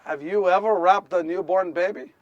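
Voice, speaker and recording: A man's voice: high-pitched, normal speed, dry recording, recorded from a distance, highs cut off, natural voice. A man voicing firm young Mary. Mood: curt. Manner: curt, firm orders.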